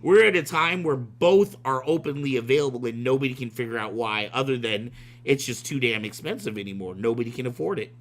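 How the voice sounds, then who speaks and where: A man's voice: mid-range voice, a little fast. A man hosting a casual livestream chat, talking freely and laughing often. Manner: chatty, laughs often, chewing ice. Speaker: podcast host.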